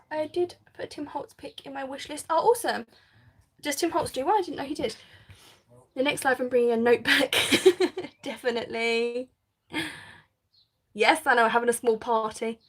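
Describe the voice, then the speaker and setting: A woman with a slightly high voice chats her way through a live crafting session. She reads out viewer comments, laughs often and breaks into bursts of excitement as she works. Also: slightly rough. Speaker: craft channel host. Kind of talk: casual live crafting chat, reading comments.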